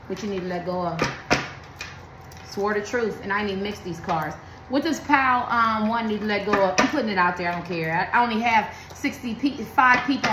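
A woman's voice: medium pitch, roomy sound, heavy background noise. A woman giving a blunt, emphatic tarot reading, talking in slang and preaching to her viewers. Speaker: tarot card reader.

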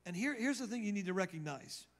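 A man's voice: high voice, lively intonation, quick pace. A male pastor preaching a sermon, retelling scripture dramatically and repeating key phrases for emphasis. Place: church.

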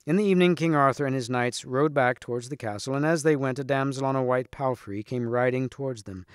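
Man narrating a storybook, steady and expressive, mid-pitched, dry close mic. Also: smooth, no echo. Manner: measured, expressive. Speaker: reader. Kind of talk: storybook read-aloud.

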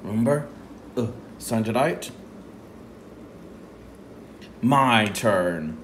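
Man teaching kids phonics at home, slow, lively, sounds out words, faint dishwasher hum. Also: fairly low pitch. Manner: sounds out words slowly, animated, playful. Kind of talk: children's phonics lesson.

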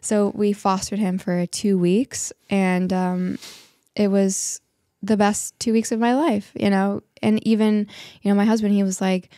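A young woman guest on a podcast telling a story in a casual, animated way, acting out what people said. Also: medium pitch, a little slow, no room sound, clean studio sound. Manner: animated, acts out quotes, many likes and restarts.

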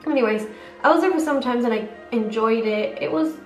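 A woman's voice: fairly high pitch, brisk. Rambling chatty young woman, echoey room. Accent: British English. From Mexico. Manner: rambling, chatty, self-correcting, casual swearing. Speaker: beauty vlogger. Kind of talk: casual chat while doing makeup. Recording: echoey room, mic a bit far, faint music.

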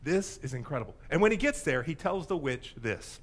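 Animated, high-voiced preacher. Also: male voice, brisk, few pauses, breathy edge. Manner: animated storytelling with playful voices and asides. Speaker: pastor. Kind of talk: sermon.

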